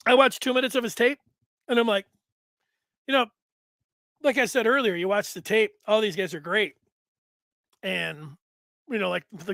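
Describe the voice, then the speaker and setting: A man hosts a casual sports talk stream with a rather high, bright voice. He rambles in a chatty way and reads viewer comments aloud. The sound is close and dry. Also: dry recording. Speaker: sports show host.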